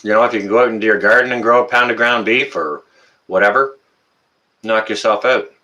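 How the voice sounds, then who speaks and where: A man's voice: fairly low pitch, brisk, pushed and bright, rough recording. A middle-aged Canadian man with a Canadian accent, hosting a casual live stream and chatting through viewer comments with plenty of fillers. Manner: chatty, rambling, many uh fillers.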